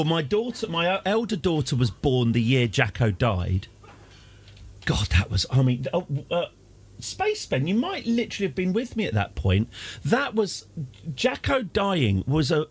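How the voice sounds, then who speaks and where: An English man in his forties talks through a live game stream with a husky edge to his voice. His pitch bounces around animatedly as he wanders from one wry tangent to the next. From England. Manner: rambling, wry and chatty, reacting to chat. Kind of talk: casual live-stream gameplay chat.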